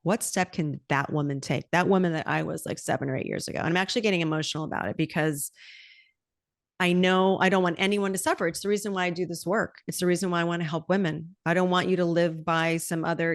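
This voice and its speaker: A woman's voice: fairly low pitch, fairly even intonation, fast talker, no room sound, clean studio sound. A middle-aged woman hosting a podcast, talking candidly and with animation, swearing freely in casual conversation. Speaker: podcast host.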